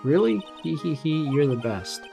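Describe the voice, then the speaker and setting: A sweet young circus animal tamer, read aloud by a man teases in a light, sing-song voice. The reading sits a little above his own pitch, with faint game music underneath. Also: lively intonation, moderate pace, gravelly, mellow.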